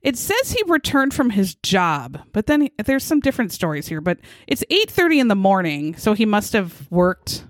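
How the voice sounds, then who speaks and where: A woman's voice: medium pitch, sing-song, moderate pace, few pauses, dry recording, clean studio sound. A woman co-hosting a podcast, chatting casually as she retells a true crime case and acts out the quotes. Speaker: podcast co-host.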